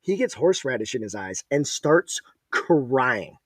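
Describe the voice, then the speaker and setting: A man's voice: medium pitch, very animated, unhurried, slightly rough, no echo, studio quality. A man hosting a podcast, telling a rambling, profane story in casual chat. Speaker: podcast host.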